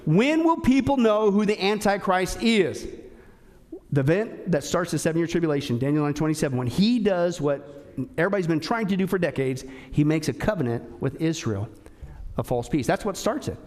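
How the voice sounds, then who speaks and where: A man preaching a sermon, emphatic, firing rhetorical questions at the congregation and swinging between loud, sharp lines and hushed, low ones. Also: animated, normal speed. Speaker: pastor.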